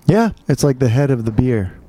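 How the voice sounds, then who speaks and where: A man's voice: medium pitch, big pitch swings, normal speed, warm tone, no room sound. A man co-hosting a show, chatting playfully and laughing easily as he riffs on phrases. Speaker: co-host. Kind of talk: casual chat.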